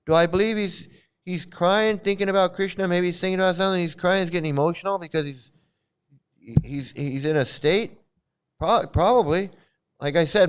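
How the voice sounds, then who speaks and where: Male vlog host, fairly high smooth voice, loose rambling delivery with restarts, blunt and coarse. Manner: rambling, repeats and restarts words; blunt and profane. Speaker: commentary channel host. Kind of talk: casual rambling commentary.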